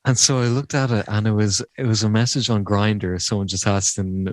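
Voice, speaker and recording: A man in his thirties from Ireland co-hosting a podcast, telling an anecdote in a relaxed, halting way. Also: fairly low pitch, no echo. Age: 30s. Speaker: podcast co-host. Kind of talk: casual chat.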